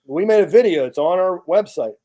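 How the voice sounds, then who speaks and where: Talking fairly fast, a US-born charity founder guesting on a podcast tells his story in a blunt, casual way, swearing often. His voice is a little high for a man, and he throws himself into energetic acted-out scenes.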